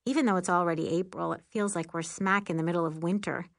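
A woman narrating a first-person audiobook in a lively, wry, expressive way. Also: fairly low pitch, fast, creaky, few pauses, no echo, clean studio sound.

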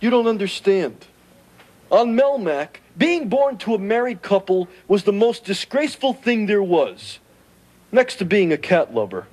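Melodramatic sitcom alien, high nasal voice, swoops all over, noisy old TV sound. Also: male voice, sing-song, a little slow, a little mellow. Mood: wisecracking. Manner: sarcastic, melodramatic, joking. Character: wisecracking male furry alien, self-pitying. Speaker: sitcom character. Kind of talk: 1980s sitcom acting. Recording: noisy TV audio with studio laughter.

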